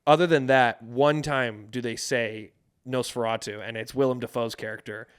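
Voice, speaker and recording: Casual male podcast co-host, smooth clear voice, rambles with lots of restarts and swearing. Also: medium pitch, steady tone, normal speed. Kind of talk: casual chat.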